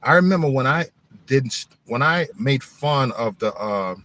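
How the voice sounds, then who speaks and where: Middle-aged male host, casual slangy storyteller, lively pitch swings, mid voice. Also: measured pace. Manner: animated, joking, slangy, rambling. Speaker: channel host.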